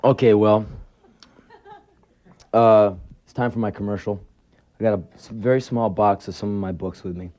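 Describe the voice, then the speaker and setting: A man's voice: fairly low pitch, steady tone, normal speed, long pauses, dark tone, muffled recording. A man in his twenties doing a live spoken word set, telling stories in a sardonic, profane way and breaking into sudden yelps when he acts out voices. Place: live venue before an audience.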